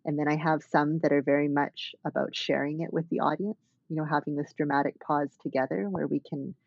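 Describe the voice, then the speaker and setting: A woman's voice: low voice, slightly rough, no echo, dull audio. A woman dance artist talking thoughtfully as an interview guest, with many fillers and restarts. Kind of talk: reflective conversational interview.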